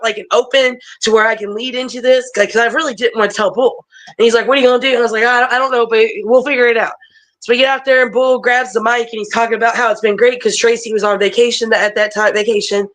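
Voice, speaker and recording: Animated, profane woman wrestler telling stories. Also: on the high side, fast talker, rough recording. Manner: animated, profane, laughs often. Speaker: guest wrestler. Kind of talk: casual storytelling. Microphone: video call.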